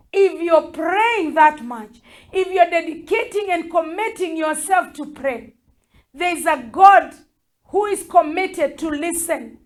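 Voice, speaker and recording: Fervent high-voiced woman bishop preaching. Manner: fervent, repetitive exhortation. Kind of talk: prayer sermon.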